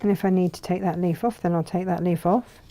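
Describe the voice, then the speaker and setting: A woman's voice: on the low side, fairly even intonation, fairly quick, mellow. A woman hosting a live textile craft demonstration, chatting and thinking aloud as she works.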